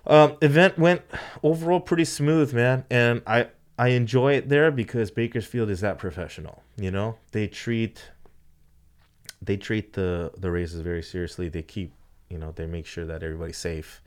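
A man chatting casually about racing, rambling with lots of "you know" and swearing, getting animated when he retells a story. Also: lowish voice, moderate pace. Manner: animated when retelling, voice jumps up for quoted lines. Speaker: drag racing team owner. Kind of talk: casual podcast chat.

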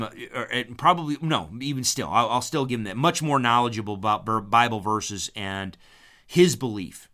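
A man talking in a casual, rambling monologue, often restarting and repeating words, acting out quoted arguments. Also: medium pitch. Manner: animated when retelling arguments, acting out quotes.

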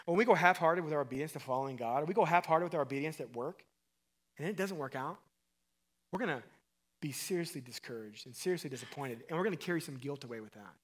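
A man preaching a sermon as pastor, asking his listeners questions and acting out quoted voices, swinging between loud emphatic calls and quiet low passages. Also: fast. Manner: acts out quoted voices and asks the crowd questions.

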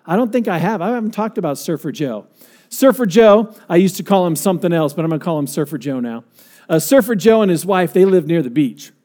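A man's voice: high voice, lively intonation, brisk, darkish tone. A male pastor preaching a sermon in a conversational, storytelling way, asking the congregation questions.

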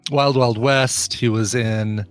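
A man of ordinary pitch co-hosts a podcast in easy, casual chat. He is dry and wry, with plenty of pauses and fillers while he searches for names. Faint music plays quietly behind him. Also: steady tone, dry recording. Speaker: podcast co-host.

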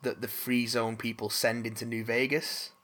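A man's voice: medium pitch, flat delivery, moderate pace, fairly bright tone. A man hosting a casual chat, rambling with restarts and casual swearing.

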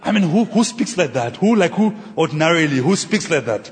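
A man preaching a sermon, telling stories and acting out conversations in an animated way. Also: a little high, husky. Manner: animated, acts out dialogue with pauses and exclamations. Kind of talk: sermon storytelling. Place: church. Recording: echoey church hall.

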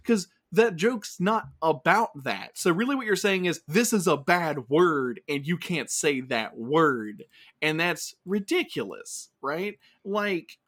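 A man's voice: on the high side, animated, takes it slowly, fairly bright tone. A young man co-hosting a casual podcast, talking in rambling bursts full of restarts and fillers. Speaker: podcast co-host. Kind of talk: casual comedy podcast chat.

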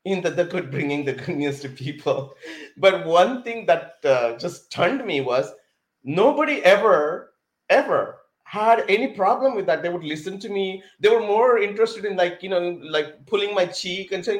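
A man from India speaks as a podcast guest, telling his story in an animated way. He keeps stopping and restarting around many fillers. His voice sits slightly high, and it carries a roomy echo. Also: moderate pace. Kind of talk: personal storytelling in conversation.

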